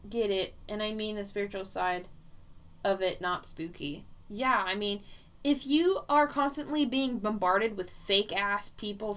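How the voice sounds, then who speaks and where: A woman's voice: medium pitch, fairly bright tone. A woman psychic medium chatting casually on a livestream, reading viewer comments aloud and laughing often as she rambles.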